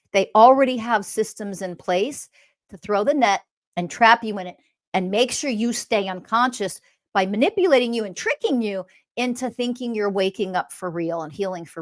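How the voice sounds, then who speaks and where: A woman speaking as a spiritual teacher in a blunt, scolding monologue, swearing often. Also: medium pitch. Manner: mocks others in quoted voices.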